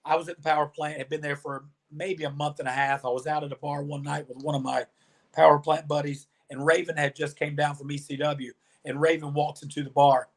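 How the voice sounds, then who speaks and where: A man's voice: a little high, a little fast, vocal fry. Man telling wrestling-days stories. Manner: animated storyteller, acts out quoted dialogue. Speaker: podcast guest, former wrestler. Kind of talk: storytelling interview.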